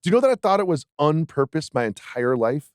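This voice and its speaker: A man's voice: on the high side, big pitch swings, brisk, no room sound, studio quality. A man co-hosting a sports podcast, talking casually with jokes and self-deprecating laughs. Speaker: podcast co-host.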